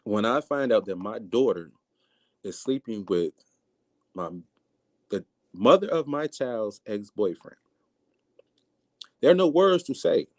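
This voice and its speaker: Man, livestream host, casual chat, blunt and animated, dry close sound. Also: medium pitch, slow pace, long pauses, dry recording. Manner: animated, blunt, acts out quotes. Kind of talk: casual live-stream commentary.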